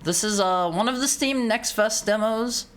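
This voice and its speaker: A woman's voice: on the high side, moderate pace, slight background noise. A young woman streamer chatting casually while playing a game, rambling and often stumbling over and repeating her words. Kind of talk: casual let's-play commentary.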